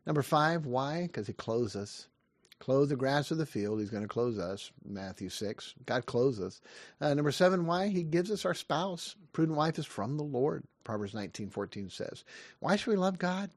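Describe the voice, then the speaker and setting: A man in his fifties giving a short devotional sermon, earnest and lively, asking questions and answering them. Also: mid-range voice, no echo, clean studio sound. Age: 50s. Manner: earnest, lively preaching with rising questions and quick asides. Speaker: pastor.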